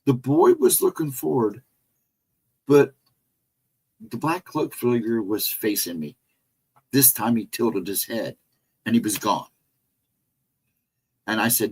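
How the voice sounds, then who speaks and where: A middle-aged man with a husky, breathy voice tells a personal ghost story in a loose, casual way. He rambles, backs up mid-sentence and walks through each turn and hallway in detail. His voice sits at an ordinary pitch for a man. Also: lively intonation, normal speed, pauses often, poor audio. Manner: rambling, retraces directions step by step, frequent restarts. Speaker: guest storyteller on a paranormal talk show.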